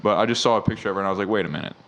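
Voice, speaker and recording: A man's voice: lowish voice, very fast, a bit bright, poor audio. A man co-hosting a podcast in casual, crude banter. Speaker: podcast co-host. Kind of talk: casual chat.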